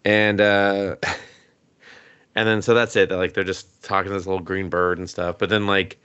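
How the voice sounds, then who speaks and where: A man's voice: sits low, level tone, a little slow, a bit bright, smooth, dry recording, muffled recording. A man casually recapping an anime on a podcast, laughing often and swearing freely. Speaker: podcast co-host.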